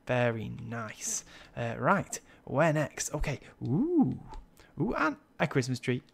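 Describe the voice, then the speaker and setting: Man, gravelly voice, mid pitch, casual game tour commentary, admiring, hesitant fillers. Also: wildly swooping pitch, takes it slowly. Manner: chatty, admiring, many ums and uhs. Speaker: Minecraft server tour host.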